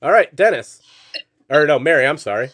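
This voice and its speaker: A man's voice: a little high, animated, brisk, a bit bright. A man hosting a comedy game segment on a podcast, playful and jokey, laughing often. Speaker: game show host.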